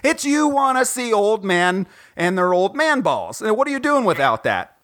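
A male podcast host with a fairly high voice and a very lively, swinging delivery. He jokes, rambles and piles on fillers in casual chat with a friend, talking from his home. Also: moderate pace. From Ohio, USA. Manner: animated, joking, rambling with lots of fillers. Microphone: recording from home, guest on the phone.

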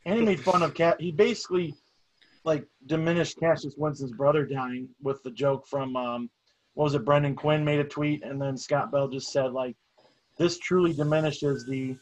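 A man's voice: on the high side, steady tone, moderate pace, low-quality recording. A young man co-hosting a casual podcast, crude and mocking. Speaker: podcast co-host.

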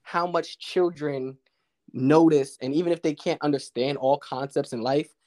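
A man, a guest poet, telling a story in a relaxed, candid way with slang and the odd swear word. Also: on the high side, normal speed. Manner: relaxed, candid, uses street slang and profanity. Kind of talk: casual conversational storytelling.

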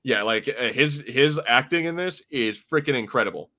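A man's voice: mid-range voice, expressive, moderate pace, sharp tone. A man co-hosting a podcast, chatting casually in a rambling way with many fillers and restarts. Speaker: podcast co-host. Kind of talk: casual podcast review chat.

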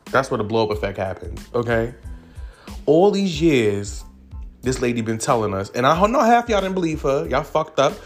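A man delivering casual celebrity gossip commentary in a lively, swooping voice that jumps high for emphasis. He talks in an animated, profane way at a middling pitch. Faint music plays softly behind him. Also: a little slow, long pauses. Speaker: commentary vlogger.

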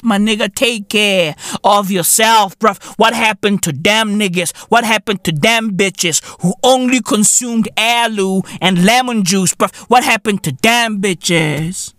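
A man with a South African accent, hosting a comedy show, delivering a profane, animated rant in heavy slang with shouted bursts. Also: high-pitched, measured pace, few pauses, dry recording, studio quality. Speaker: comedy podcast host.

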